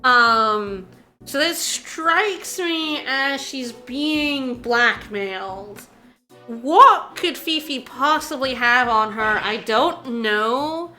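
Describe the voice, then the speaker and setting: A woman streams a video game and talks her viewers through it in a high, bright voice. She is excitable and insistent, repeats herself and laughs often. Faint game music plays behind her. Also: very slow. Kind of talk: casual game commentary to chat.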